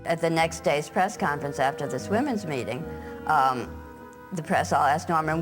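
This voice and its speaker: A woman's voice: sits low, moderate pace, over music, rough recording. A woman writer in a documentary interview, recounting events in a matter-of-fact, wry way.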